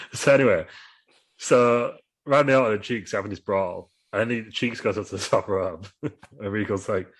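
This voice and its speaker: A man's voice: lowish voice, moderate pace, long pauses. A man co-hosting a podcast, telling a rambling comic story with laughs and fillers. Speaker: podcast co-host. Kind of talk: casual comedic storytelling.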